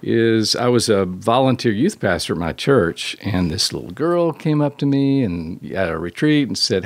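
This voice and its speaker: Low-voiced man telling rambling stories. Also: animated, normal speed, dry recording. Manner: rambling, self-deprecating, restarts often. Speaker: guest record producer. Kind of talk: storytelling interview.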